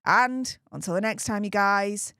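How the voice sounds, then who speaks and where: A woman's voice: medium pitch, measured pace, sharp tone, smooth. A woman from England with a Northern English accent hosting political commentary, talking in a riled-up, sarcastic, emphatic way. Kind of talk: opinionated commentary.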